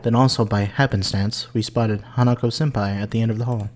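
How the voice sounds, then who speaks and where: A man voicing a quiet teenage boy who narrates a visual novel in a dry, wry way. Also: lowish voice, fairly even intonation, a little fast, a little hiss or hum, natural voice.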